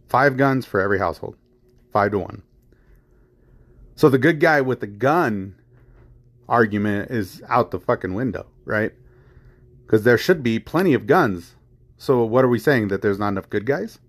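Man, podcast host, fairly low voice, heated, rambling, repeats himself, lots of fillers. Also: animated, normal speed, long pauses. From United States. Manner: frequent fillers like "you know" and "I mean". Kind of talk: casual chat.

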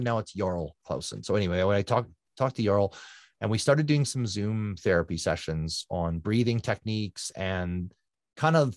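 A man with a fairly low voice recounts his life as a guest, earnest and reflective. He circles back and repeats phrases to press a point. The sound is dry and close, with little room around it. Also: a little mellow, no room sound. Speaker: guest, endurance athlete. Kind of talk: reflective conversational storytelling.

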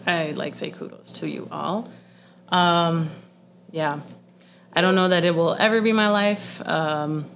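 Casting: young woman, low voice, blunt, profane, casual podcast chat. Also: fairly bright tone, a little hiss or hum. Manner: blunt, swears often, laughs a lot.

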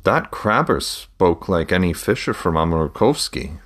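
A curious young son asks mild, earnest questions, as a man voices him in an audiobook. The delivery stays low-pitched, lifted only slightly for the questions. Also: big pitch swings, measured pace, fairly bright tone, heavily acted. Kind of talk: audiobook reading.

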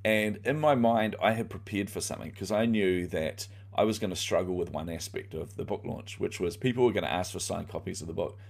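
Low gravelly middle-aged man. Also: a little fast, hardly any pauses. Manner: candid and animated, with many fillers. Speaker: interview guest, author. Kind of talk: conversational storytelling.

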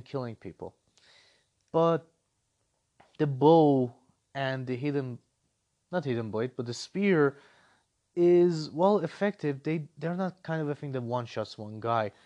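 A man giving a casual spoken game review, ranting in an animated, exasperated way. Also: on the high side.

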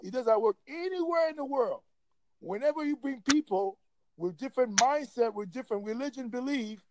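High-pitched gravelly man ranting profanely. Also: expressive, normal speed, noisy background. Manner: heated, profane, emphatic ranting. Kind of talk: casual opinionated chat.

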